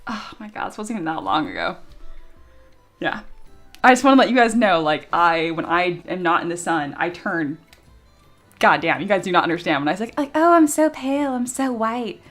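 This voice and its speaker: A young woman streams from her desk mic, chatting loosely with her viewers. She laughs easily, pokes fun at herself and swears without a second thought. Soft music plays faintly underneath. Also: lowish voice, sing-song, brisk, pauses often. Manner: giggly, self-mocking, swears freely. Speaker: streamer and 3D sculptor. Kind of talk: casual live-stream chat.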